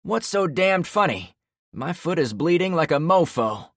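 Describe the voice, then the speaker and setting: A man voicing a hostile, volatile young male party guy who taunts and shouts insults. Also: on the high side, animated, unhurried, creaky, no echo, clean studio sound, pitched above the performer's own voice. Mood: raging, taunting.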